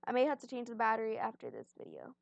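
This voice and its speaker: A young woman who hosts a gaming channel gives casual commentary on a game she's playing while sitting on her bed at home. Her slightly high voice is very animated and quick, with vocal fry, and she rambles, puts herself down, and sometimes chews as she talks, in a dry recording.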